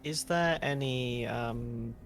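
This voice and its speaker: A man's voice: medium pitch, slow, fairly bright tone. Wry man player at a tabletop game. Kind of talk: casual tabletop game play.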